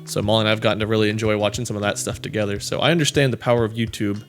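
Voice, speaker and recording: A man's voice: lowish voice, steady tone, rapid-fire, soft background music. A man reading viewer comments aloud and chatting casually, in a rambling, self-deprecating way with many fillers. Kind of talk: casual chat.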